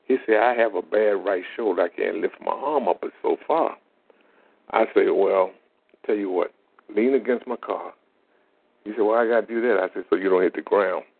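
A man's voice: on the low side, normal speed, vocal fry. A man, telling faith-healing stories in a plain-spoken, folksy way as a lay minister. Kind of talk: informal testimony monologue. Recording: tinny phone-like audio.

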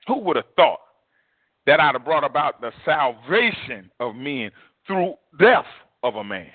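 Male pastor, sermon, vernacular, repetitive, lively pitch, dry phone-line sound. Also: unhurried, dry recording. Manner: animated, repetitive, vernacular preaching. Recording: tinny phone-like dry recording.

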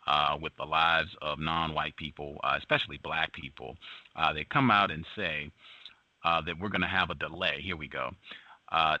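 A man hosting a radio show, reading the news and commenting with emphasis, repeating his points slowly. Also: a bass voice, sharp tone, no echo.

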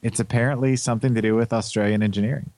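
An American man co-hosting a podcast, telling anecdotes in a chatty, animated casual way. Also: mid-range voice, racing, dry recording. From United States. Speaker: podcast co-host. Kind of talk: casual chat.

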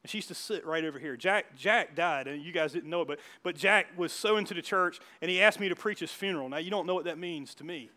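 Man, pastor, sermon in a church, quick, bright, slightly high voice, storytelling with restarts. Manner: storytelling with many restarts and asides. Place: church hall.

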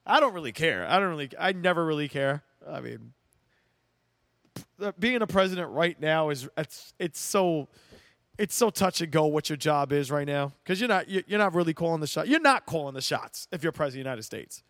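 A man's voice: on the high side, lively intonation, brisk, fairly bright tone, no echo, clean studio sound. A young man hosting a casual solo sports show, ranting emphatically and laughing often.

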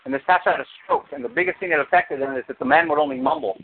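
A man preaching a sermon as pastor, animated, with sudden high exclamations. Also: very fast, vocal fry, a little hiss or hum. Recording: tinny phone-like sound.

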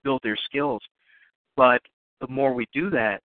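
A male radio host asks questions in a relaxed, halting way, often repeating words before he gets to the point. His voice comes through a tinny, phone-like line with a dry sound. He sits at a mid pitch for a man. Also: no room sound. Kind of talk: casual radio interview.

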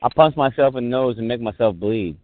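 A man's voice: mid-range voice, lively intonation, brisk. Teasing man on a tinny call. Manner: teasing, laughing, joking. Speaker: caller. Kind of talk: casual chat on a group call. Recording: tinny phone-like call audio.

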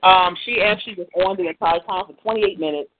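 A man's voice: high-pitched, brisk. Male churchgoer, emphatic and gushing, phone audio with light hiss. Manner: effusive, emphatic, repeats phrases. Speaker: family member on a ministry call. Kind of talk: heartfelt church talk. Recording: tinny phone line with faint noise.

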